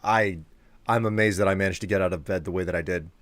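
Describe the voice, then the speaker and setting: A man's voice: low-pitched, fairly even intonation, quick pace, fairly bright tone, dry recording. A man chatting casually with his live-stream viewers, sleepy and rambling as he reads and answers chat.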